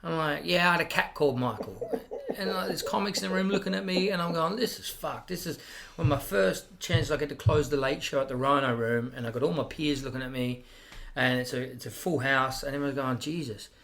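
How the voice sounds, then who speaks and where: A man's voice: on the high side, steady tone, a little fast, creaky, a bit bright. A middle-aged man with an Australian accent telling brash stories in casual chat, swearing freely and acting out quoted voices. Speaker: stand-up comedian guest. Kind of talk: casual storytelling.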